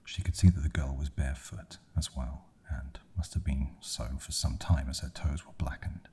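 A man whispering a bedtime horror story in a slow, hushed ASMR reading. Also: a bass voice, steady tone, breathy edge.

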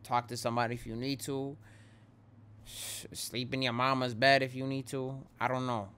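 A man's voice: medium pitch, level tone, normal speed, sharp tone, clear, resonant tone. A young man who hosts a gaming channel, talking straight to his viewers in a rambling, shaken but earnest way as he vents. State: rattled. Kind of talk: casual direct-to-camera vent.

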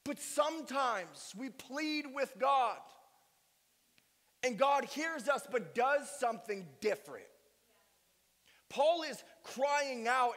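A man's voice: sits high, in a large hall. A male pastor preaching a sermon with emphatic delivery and strings of rhetorical questions. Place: church sanctuary.

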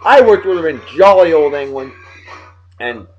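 A man's voice: a little high, expressive, moderate pace, faint music behind. A man hosting a casual beer review vlog in brash, jokey, hyped patter, speaking with a Texan accent at his home desk by the computer. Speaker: beer show host. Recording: dull lo-fi webcam audio.

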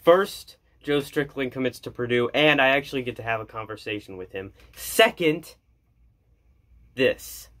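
A man vlogging as an excited hockey fan, gushing and jokey, repeating his lines. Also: mid-range voice, measured pace. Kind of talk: excited fan commentary to camera.

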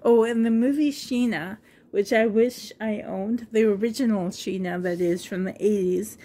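A woman's voice: mid-range voice, moderate pace, dark tone. A middle-aged woman vlogging in a casual, rambling way, chatting to camera and laughing often.

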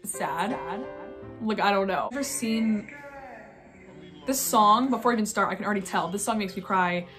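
A woman's voice: medium pitch, moderate pace, long pauses, soft background music. A young woman talking casually and thoughtfully in a reaction vlog, with many fillers. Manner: soft-spoken, musing, filler-heavy. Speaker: vlogger reacting to videos.

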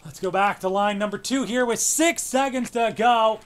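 A young man giving casual play-by-play commentary on a hockey video game, muttering between plays and yelling when the action heats up. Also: high voice, moderate pace. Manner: swings from muttering to shouting at big plays. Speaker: let's play host.

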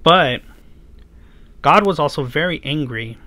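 A man's voice: fairly high pitch, lively intonation, unhurried, bright, forceful tone, no echo. A man preaching to children, retelling the story casually with many fillers and asking his listeners rhetorical questions. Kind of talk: storytelling sermon for kids.

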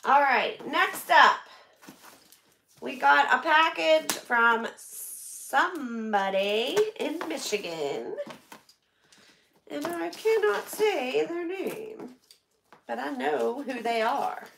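A middle-aged woman from the United States, opening donated packages on a live stream and chatting excitedly with viewers. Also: high voice, extremely slow, vocal fry, slight background noise.

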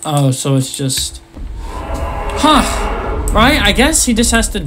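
Gamer, horror let's-play, very animated delivery, slow pace, nervously laughing and easily startled. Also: medium pitch, background noise. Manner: jumpy, laughs nervously, frequent startled exclamations. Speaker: gamer playing a horror game.

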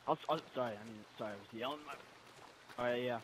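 A young man chatting excitedly while playing a multiplayer game, stammering and laughing. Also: mid-range voice, fairly quick, a crowd in the background. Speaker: co-player. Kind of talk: casual multiplayer game chat.

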